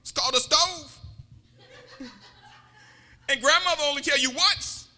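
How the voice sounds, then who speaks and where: A man preaching in a joking, repetitive way, calling out to the congregation with lots of back-and-forth. His voice is very high and very bright. A long reverb trails behind him from a church hall. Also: a little slow. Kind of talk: sermon.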